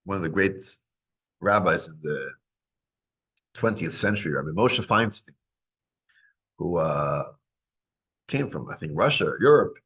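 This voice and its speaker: A man teaching a weekly Torah class, talking in a lively way, dropping low when musing and rising high and excited when urging. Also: unhurried, long pauses, breathy edge. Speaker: rabbi teaching a parsha class.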